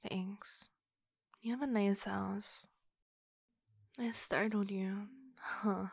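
In an audio role-play, a woman plays a muscular wolf-girl monster who is flustered yet forward and sounds embarrassed. She speaks slowly with a gravelly edge, slipping into breathy whispers, in a steady mid-range voice over very noisy audio.

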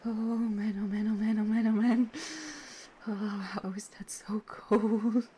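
A woman's voice: medium pitch, takes it slowly, a little hiss or hum. A woman playing a teasing, caring young friend. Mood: freezing. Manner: teasing, then soft and soothing. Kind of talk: audio role-play.

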